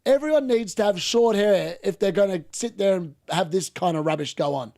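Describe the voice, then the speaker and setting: A man hosting a live football watchalong, chatting casually and reacting excitedly to the game. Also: sits high, moderate pace, creaky, few pauses. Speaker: watchalong host.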